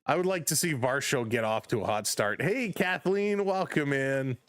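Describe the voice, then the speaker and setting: A man's voice: normal speed, no room sound. A man hosting a live baseball stream, mixing play-by-play with chatty greetings to viewers. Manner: chatty, greets chat viewers by name between pitches; gets loud and excited on big plays. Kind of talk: casual live play-by-play commentary.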